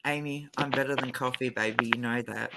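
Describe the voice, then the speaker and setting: A woman's voice: a bass voice, fairly even intonation, a little fast, bright, forceful tone, slight background noise, rough recording. A woman hosting a livestream, chatting casually with viewers in a brash, swearing manner. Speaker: livestream host.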